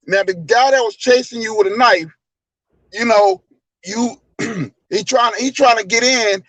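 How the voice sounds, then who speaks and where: A man's voice: extremely high pitch, a bit bright, no echo, rough recording. A man co-hosting a casual talk show, telling a long rambling story full of restarts. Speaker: podcast co-host. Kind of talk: casual conversation.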